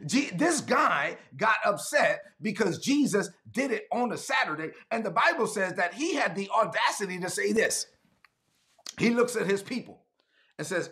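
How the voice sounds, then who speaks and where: A man preaching an animated sermon as pastor, speaking. He repeats lines for emphasis and breaks into shouts. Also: high-pitched, normal speed. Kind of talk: energetic sermon.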